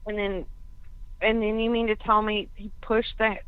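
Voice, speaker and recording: A woman's voice: medium pitch, level tone, moderate pace, smooth, no echo. A woman on a conference call, thinking aloud in a hesitant way with many restarts. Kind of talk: casual discussion on a call. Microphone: phone. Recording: tinny phone line.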